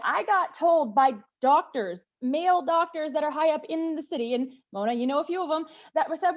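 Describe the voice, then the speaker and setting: A woman's voice: high voice, fairly quick, hardly any pauses, highs cut off. A middle-aged woman from the southern United States speaking on a panel, telling stories emphatically and acting out what others said to her. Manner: emphatic, animated storytelling with quoted voices. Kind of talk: panel discussion.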